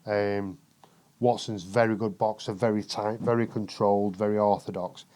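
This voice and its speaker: A British man, a podcast guest, telling boxing stories in a profane, animated casual chat. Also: on the low side, moderate pace. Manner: profane, animated, lots of swearing.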